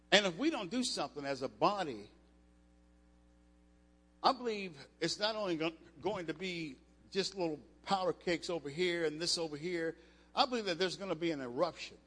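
An older man preaching a sermon, emphatic and rising to loud passages, with frequent restarts. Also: a little high. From United States. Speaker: preacher, former football player. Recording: echoey hall.

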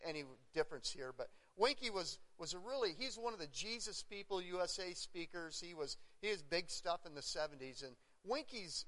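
A middle-aged man with a fairly high voice preaches in earnest to his congregation. He leans on repetition and sharp emphasis. His words ring with the long reverb of a church sanctuary. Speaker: pastor. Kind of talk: sermon.

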